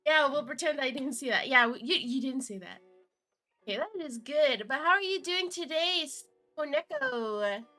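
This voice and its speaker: A young woman streaming live, chatting casually to viewers, giggly and excitable, with a cold and chewing cough drops. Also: sits high, moderate pace, soft background music. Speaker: VTuber streamer.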